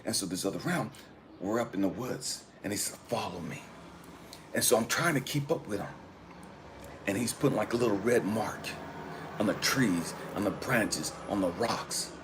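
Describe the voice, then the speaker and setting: A man's voice: on the low side, expressive, moderate pace, noisy background. A man earnestly recounting a personal spiritual experience, emphatic and repeating phrases for emphasis. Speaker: spiritual coach and channel host.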